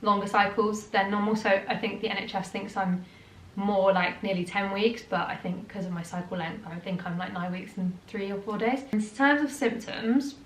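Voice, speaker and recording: A woman's voice: mid-range voice, steady tone, normal speed. Young British woman, casual vlog chat, slightly breathless, chatty with fillers, roomy echo, faint background hiss. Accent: British English. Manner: chatty, lots of fillers and restarts. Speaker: vlogger.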